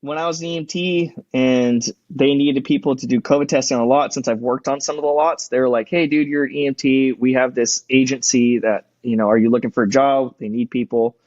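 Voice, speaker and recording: A man's voice: medium pitch, fairly even intonation, brisk, hardly any pauses, darkish tone, no room sound, muffled recording. A man in his thirties, a podcast guest, telling stories in casual chat, acting out quotes and swearing a lot.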